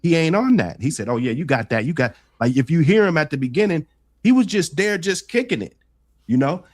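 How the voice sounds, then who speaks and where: A man on a casual livestream panel, making his case in a measured way and often adding "you know". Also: on the high side.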